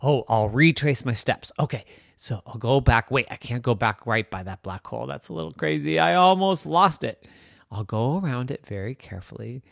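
A man puts on a bewildered little star girl from a storybook, talking herself through every turn in a lively, swinging voice with a gravelly edge. Dry and close. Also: mid-range voice, moderate pace, no echo. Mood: fretful. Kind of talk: bedtime storytelling.

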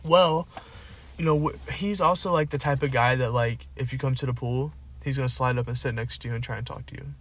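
A man's voice: mid-range voice, steady tone, fairly quick, a bit bright, a little hiss or hum. A young man co-hosting a casual podcast, telling a rambling story full of likes and rights, recorded in a car. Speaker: podcast co-host.

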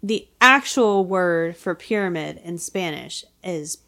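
A woman's voice: on the low side, takes it slowly, vocal fry, fairly bright tone. Woman, podcast co-host, casual chat, playful, jokey.

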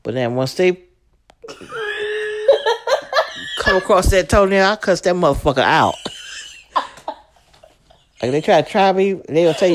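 Lively Brooklyn mother telling stories. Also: fairly low pitch, moderate pace, long pauses, slight background noise. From Brooklyn, New York. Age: middle-aged. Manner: animated, frank, swears freely. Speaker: mother being interviewed. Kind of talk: casual storytelling.

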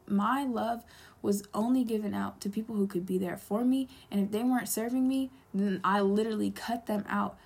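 A woman's voice: mid-range voice, creaky, darkish tone, breathy edge. A young woman speaking to camera in an earnest, pleading confessional monologue, with strong repeated emphasis and sometimes dropping to a whisper. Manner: drops to a whisper at times.

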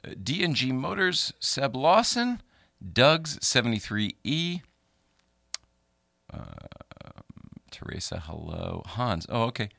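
A man's voice: medium pitch, very animated, slow, vocal fry, long pauses, pushed and bright, dry recording. A man hosting a casual live-stream chat, rambling and laughing, with many fillers and restarts. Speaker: show host.

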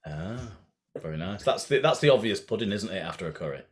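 Teasing low-voiced man. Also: expressive, fast. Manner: teasing, laughs a lot. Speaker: video call chat participant. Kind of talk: casual chat. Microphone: video call.

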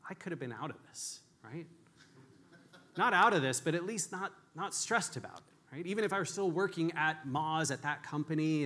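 A man's voice: medium pitch, sharp tone. A man giving a candid, storytelling conference talk with frequent restarts and self-deprecating humor. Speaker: conference speaker.

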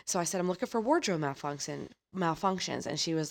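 A woman co-hosting a podcast, telling a story in an animated, chatty way, often laughing and swearing casually. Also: lowish voice, fairly quick, creaky, hardly any pauses. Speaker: podcast co-host.

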